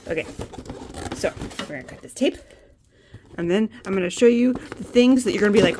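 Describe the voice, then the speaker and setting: A woman chatting casually as she unboxes purchases, giddy and excitable, breaking into laughs and squeals. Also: mid-range voice, moderate pace. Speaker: card artist unboxing purchases. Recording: noisy with crinkling packaging.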